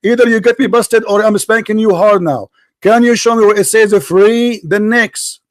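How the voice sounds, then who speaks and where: A man's voice: high voice, steady tone, moderate pace, no room sound, low-quality recording. A man hosting a heated online debate, domineering and insulting, repeating himself to talk over his opponent. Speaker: debate host.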